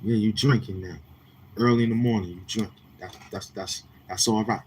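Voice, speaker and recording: Brash low-voiced New York man. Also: fairly even intonation, fairly quick, a little mellow, a little hiss or hum. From Queens, New York. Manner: brash, profane, confrontational. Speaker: livestream host. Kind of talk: casual livestream chat with viewers.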